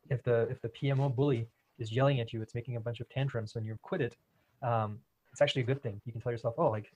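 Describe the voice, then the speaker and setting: A man's voice: mid-range voice, darkish tone, rough recording. A man hosting a podcast and coaching a listener in casual conversation, explaining with everyday analogies and many ums. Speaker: podcast host and quitting coach.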